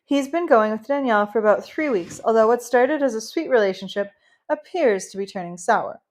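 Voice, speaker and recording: A woman voicing a know-it-all teenage girl, reporting gossip in a matter-of-fact, deliberate way. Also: fairly high pitch, animated, lightly acted.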